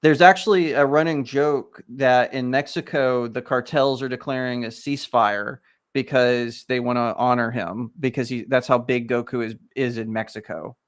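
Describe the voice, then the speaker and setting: A man's voice: mid-range voice, fairly even intonation. Chatty man with a Texan accent. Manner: rambling, chatty, quick to laugh. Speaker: livestream co-host. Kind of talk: casual live watch-party chat.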